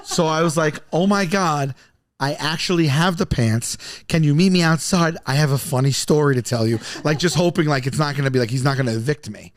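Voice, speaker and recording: A man telling a long comic story on a podcast, rambling and animated, often stumbling over his words. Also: a little high, fairly quick, no room sound, clean studio sound. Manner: rambling, animated, self-interrupting.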